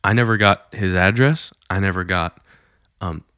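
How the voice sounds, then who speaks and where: Low-voiced man telling a faith story. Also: moderate pace, pushed and bright, smooth, dry recording, studio quality. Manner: conversational retelling with many fillers, acting out quoted lines. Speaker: Christian storyteller. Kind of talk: casual storytelling.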